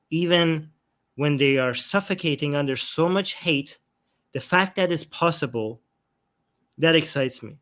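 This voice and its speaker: A man with a high, bright voice hosts a casual stream of political commentary. He talks calmly at first but turns scornful and cutting when he takes on a hostile commenter. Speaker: co-host of a livestream show.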